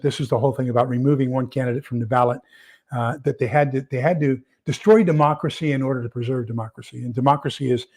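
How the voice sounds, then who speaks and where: Reading out viewer comments on his casual livestream, this prepper channel host rambles, repeating words and leaning heavily on fillers. He has a medium-pitched voice with a breathy edge.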